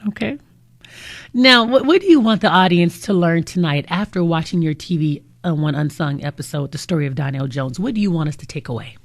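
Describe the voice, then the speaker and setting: A woman hosts a talk show and puts questions to her guest, her voice a touch lower than most women's. She keeps a polite, upbeat interviewer's tone. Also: animated, a little fast.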